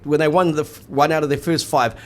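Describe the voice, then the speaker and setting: A man co-hosts a rugby show, chatting casually and wryly and ending his sentences with "eh". He speaks fast in a fairly high voice with a flat delivery.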